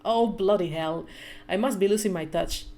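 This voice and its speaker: A woman voicing a grey-bearded Englishman, a rough-voiced, gallant protector. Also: medium pitch, normal speed, dark tone, natural voice. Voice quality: rough, rasping.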